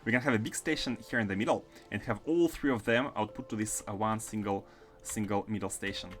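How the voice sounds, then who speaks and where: This game streamer from France speaks with a blend of French and Russian accents, a little fast, in a low-leaning, fairly bright voice, with faint music behind him. During live gameplay commentary he thinks aloud about builds and responds to chat.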